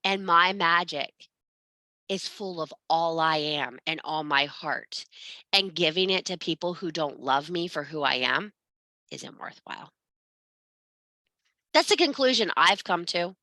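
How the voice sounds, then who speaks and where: A woman's voice: lowish voice, lively intonation, measured pace, pauses often, bright, forceful tone, no room sound. A woman giving an informal spiritual talk in a blunt, emphatic and profane way. She speaks as a parent. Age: adult parent.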